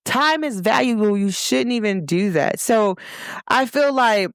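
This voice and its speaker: A young woman hosts her own show, talking her listeners through a casual pep talk. Her voice sits a little high and swings widely in pitch as she leans on her points. The sound is dry and close. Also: expressive, a little slow, smooth, no room sound. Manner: emphatic, talks straight to listeners. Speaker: host. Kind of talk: casual motivational monologue.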